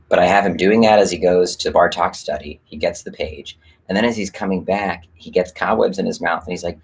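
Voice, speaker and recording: A man with a notably low voice and a slightly husky texture, chatting on a live stream about his writing. He talks in a loose, rambling way, full of fillers and offhand swearing. His delivery is candid and unpolished. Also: fairly quick. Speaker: screenwriter hosting a live stream. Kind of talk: casual livestream chat.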